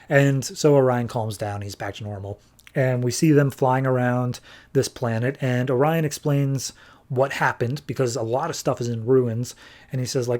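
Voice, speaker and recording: A man's voice: medium pitch, steady tone, moderate pace, darkish tone. Chatty man recapping comics. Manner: loose, chatty retelling with fillers like "like". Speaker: podcast host. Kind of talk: casual comic book recap.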